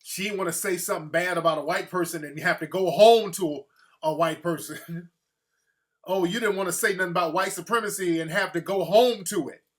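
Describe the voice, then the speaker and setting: Animated high-voiced male host. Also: brisk. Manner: animated, profane, breaks into mocking impressions. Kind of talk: casual opinion commentary.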